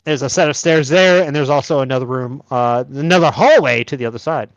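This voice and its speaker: A man's voice: medium pitch, brisk, dry recording, dull audio. A man narrating a tabletop game as game master, describing scenes with fillers like "uh".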